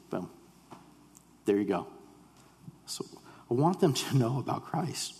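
A man's voice: medium pitch, animated, normal speed, pauses often, a little mellow, breathy edge, long reverb tail. A man preaching a sermon as pastor, earnest and conversational, often restarting his sentences. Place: church sanctuary.

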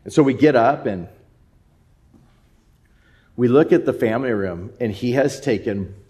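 A man's voice: mid-range voice, animated, a little slow, dark tone. A man in his thirties, a pastor telling a rambling family story in a sermon with many fillers.

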